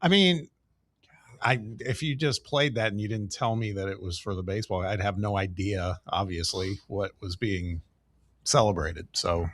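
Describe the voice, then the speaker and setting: A man's voice: fairly low pitch, steady tone, normal speed, fairly bright tone, no echo. A man co-hosting sports talk radio, throwing in wry, mocking commentary.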